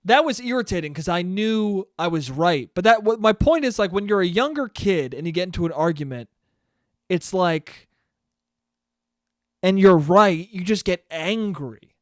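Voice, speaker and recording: A man's voice: high-pitched, animated, normal speed, no echo, studio quality. A man in his twenties hosting a casual solo podcast, rambling and self-deprecating, swearing freely. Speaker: podcast host.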